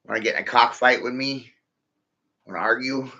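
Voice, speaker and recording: A man's voice: medium pitch, steady tone, normal speed, pushed and bright, a little hiss or hum. A man in a rambling, profane monologue, stringing rhyming wordplay together and laughing at his own jokes, recorded in his vehicle. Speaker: vlogger. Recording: dull lo-fi sound.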